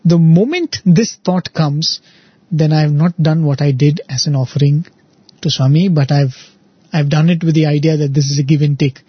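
Man, devotional speaker, husky voice, slightly high, dry muffled sound, storytelling, asks "right?". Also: normal speed, no echo. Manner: storytelling with frequent "right?" and "you know". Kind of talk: spiritual talk.

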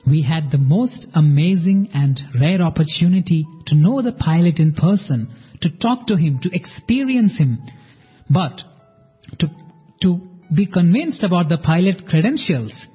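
A man with a husky, slightly high voice hosts a devotional program, telling stories earnestly and speaking directly to his listeners. The recording is somewhat muffled, with soft music underneath. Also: expressive, unhurried, long reverb tail. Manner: earnest storytelling, addresses listeners. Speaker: podcast host. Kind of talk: devotional narration.

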